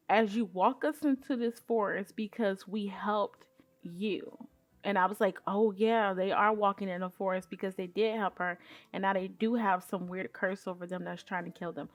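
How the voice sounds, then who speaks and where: Woman doing a chill show recap, sassy and blunt, talks loose and colloquial, voice jumps way up when she quotes folks. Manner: sassy, candid and exasperated, with colloquial phrasing; animated, with sudden pitch jumps when quoting. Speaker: YouTube commentator. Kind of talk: casual recap commentary.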